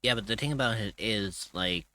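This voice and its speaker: A man's voice: fairly low pitch, moderate pace, sharp tone. A man streaming live, chatting casually. He is tired and groggy, and he rambles loosely and swears now and then.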